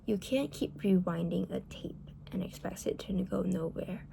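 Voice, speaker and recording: A woman's voice: fairly low pitch, normal speed, creaky, warm tone, a little hiss or hum. A woman venting about relationships in a casual monologue, blunt and heated, swearing often and filling her talk with "like".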